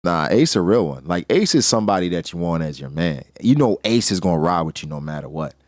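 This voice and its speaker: A man's voice: low-pitched, expressive, a little fast, no echo, clean studio sound. A man hosting a casual manga reaction, talking animatedly in heavy street slang and laughing often.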